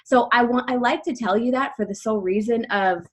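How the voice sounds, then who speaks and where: A woman in her thirties speaks on a team call in a fairly high voice, her words tumbling out fast and breathless with many "like" fillers. Her voice shakes with emotion as she talks to her team. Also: slight background noise. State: voice shaking with emotion. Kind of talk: casual personal story on a team call.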